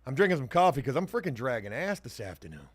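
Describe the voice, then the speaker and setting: A man hosting a casual livestream, reading viewer comments and joking around, swinging between loud hype and muttered asides. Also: mid-range voice, very animated, fast, no echo. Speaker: livestream host.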